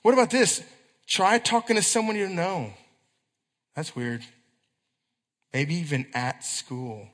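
Male youth preacher, high bright voice, lively storyteller, echoey church hall. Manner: animated storytelling with quick asides and acted quotes. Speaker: youth pastor. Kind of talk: sermon.

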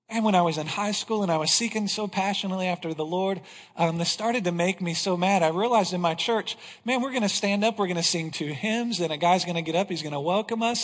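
High-voiced preacher in a reverberant hall. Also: male voice. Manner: earnest, rising to fervent. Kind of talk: sermon.

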